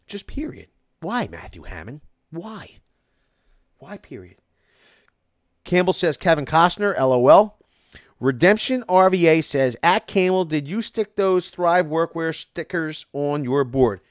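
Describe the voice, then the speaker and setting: A man hosting a casual live stream, reading viewer comments aloud and ranting about them in an animated way. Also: a little high, measured pace, dry recording, studio quality.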